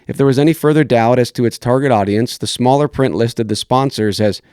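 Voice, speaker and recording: A man's voice: mid-range voice, a little fast, a little mellow, smooth, no echo, studio quality. A man hosting a political commentary podcast, reading news articles aloud and criticizing them in a blunt, searching way with many restarts. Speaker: podcast host.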